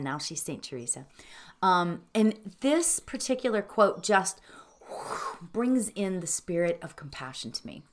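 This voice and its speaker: A woman introducing a guided meditation, speaking earnestly and emotionally, halting and teary with soft laughs. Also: fairly low pitch.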